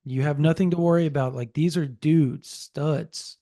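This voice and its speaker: Animated, mellow-voiced podcast co-host man. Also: fairly high pitch, moderate pace, no echo, studio quality. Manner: animated storyteller who relays a source's quotes. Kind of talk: casual sports podcast chat.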